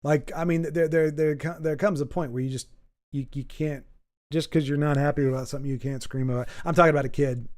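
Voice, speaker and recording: A man's voice: a little high, fairly even intonation, quick pace, darkish tone. A man hosting a casual livestream, chatting to his viewers in a rambling, self-deprecating way with frequent stumbles and restarts. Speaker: livestream host.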